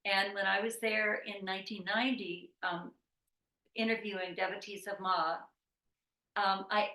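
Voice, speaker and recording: A woman hosting a spiritual gathering reads a remembered interview aloud in a gentle, earnest way. Her voice sits away from the mic, and a roomy echo hangs around it. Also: mid-range voice, far from the mic. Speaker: satsang host. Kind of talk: introducing stories and reading an interview account aloud.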